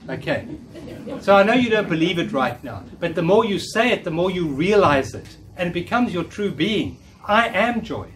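A man's voice: high-pitched, expressive, normal speed. A man in his fifties giving a live talk to a room, coaching listeners through affirmations and repeating key phrases. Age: 50s. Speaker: workshop speaker. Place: meeting room with audience. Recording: distant room mic with faint noise.

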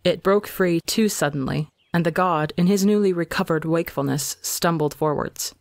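Male reader for audio fiction; calm, measured delivery, dry close recording. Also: on the high side, dry recording. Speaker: fanfiction reader. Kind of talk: scripted narration.

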